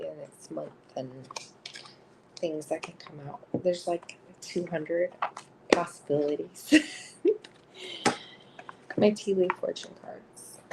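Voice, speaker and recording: A woman with a husky voice reading cards on a live stream, chatting casually with viewers and giggling often between rambling sentences. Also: lowish voice, very noisy. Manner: chatty and rambling, full of filler words. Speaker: live-stream card reader.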